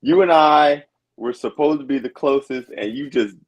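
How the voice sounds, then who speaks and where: A man's voice: medium pitch, normal speed, highs cut off. A man co-hosting a podcast, bantering in a mock-offended way. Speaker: podcast co-host. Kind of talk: casual chat.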